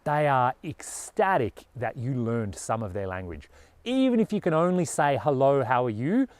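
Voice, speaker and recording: A man's voice: medium pitch, very animated, normal speed, dry recording. A man with an Australian accent talking earnestly and casually to camera as a travel vlogger, with a lot of "you know".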